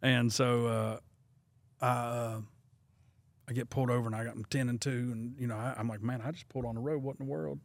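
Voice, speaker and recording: Male evangelist, medium pitch, excitable self-deprecating storyteller, dry mic. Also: brisk, gravelly, no room sound. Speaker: evangelist guest. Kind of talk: casual storytelling.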